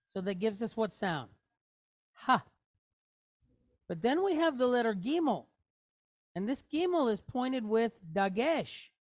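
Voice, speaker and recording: A woman with a fairly high, sing-song voice and a darkish tone speaks a little slowly, pausing often, in a dry recording. She's teaching a Hebrew reading lesson step by step, patiently checking in with her students with "okay? right?"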